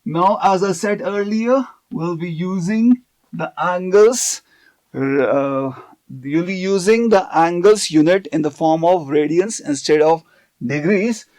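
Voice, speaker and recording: A man's voice: sits high, slow, darkish tone. A man teaching a math lesson on video, explaining step by step and often checking in with "okay".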